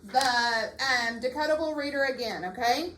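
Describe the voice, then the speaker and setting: A woman teacher leading a reading lesson in a classroom, patient and slow, repeating her questions. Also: high voice, bright, forceful tone. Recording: echoey classroom, far mic, faint hiss.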